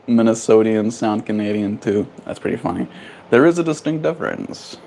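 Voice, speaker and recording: A man's voice: on the low side, animated, moderate pace, gravelly, warm tone. A man live-streaming from home in a playful, silly way, chatting casually and answering viewers' comments. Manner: playful, silly, reads chat aloud. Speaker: livestreamer.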